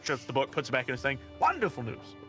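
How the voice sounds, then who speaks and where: A man's voice: mid-range voice, level tone, racing, bright, forceful tone, soft background music. A man narrating a tabletop game as game master, casual and giggly, swearing loosely.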